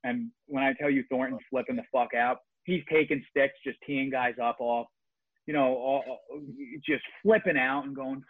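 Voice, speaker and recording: A man's voice: medium pitch, normal speed. A young man who tells a story in a loose, rambling way and swears often. He sounds like he is on a thin, phone-like line. The sound is dry, with no room echo. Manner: rambling, profane, animated storyteller. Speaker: podcast guest, former junior hockey player. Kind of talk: casual storytelling chat.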